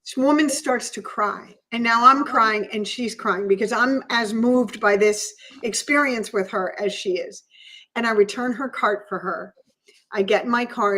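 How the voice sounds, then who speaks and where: A woman's voice: on the high side, pushed and bright, low-quality recording. A woman co-hosting a podcast, telling a personal story in an earnest, emotional way. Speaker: podcast co-host. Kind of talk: storytelling in casual chat.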